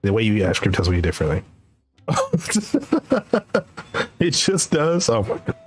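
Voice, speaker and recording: A young man streaming, telling a rambling, animated story in casual chat and laughing often. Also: medium pitch, a little slow, soft background music. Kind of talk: casual chat while gaming.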